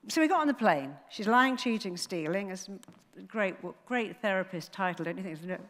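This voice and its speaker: A woman giving a motivational talk on stage, an animated storyteller who acts out the voices in her stories. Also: medium pitch, moderate pace. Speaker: motivational speaker. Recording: long hall reverb.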